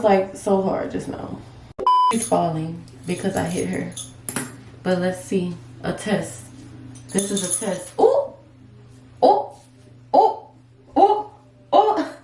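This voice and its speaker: A young woman vlogging while styling a wig at home, talking candidly and swearing freely in casual girl-talk. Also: medium pitch. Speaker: beauty vlogger. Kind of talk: casual chatty vlog. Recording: echoey room with faint noise.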